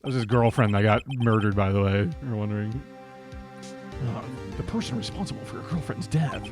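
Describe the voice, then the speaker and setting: A man's voice: lowish voice, a little fast, music in the background. A man streaming a game, joking casually and tossing slang between lines.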